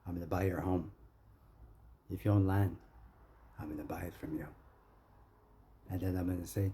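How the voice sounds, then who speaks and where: Man, very dark husky voice, rambling confrontational rant, low-ish pitch. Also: steady tone, normal speed, long pauses. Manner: confrontational, rambling, keeps calling the listener "friend". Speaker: vlogger. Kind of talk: ranting monologue.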